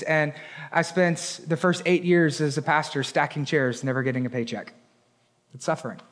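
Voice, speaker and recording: A man in his thirties preaching a sermon as pastor, moving from quiet, low stretches up to shouted points. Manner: builds from quiet to shouted emphasis.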